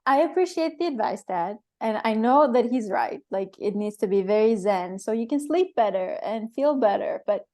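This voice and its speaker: A woman with a somewhat high voice hosts a casual chat. She asks curious, playful questions. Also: expressive, normal speed, hardly any pauses, mellow. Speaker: host.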